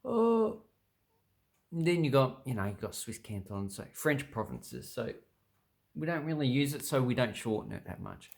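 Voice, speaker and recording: An Australian man casually explaining words from a dictionary, thinking aloud with many pauses and restarts. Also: mid-range voice, very animated, gravelly, darkish tone. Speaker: language vlogger.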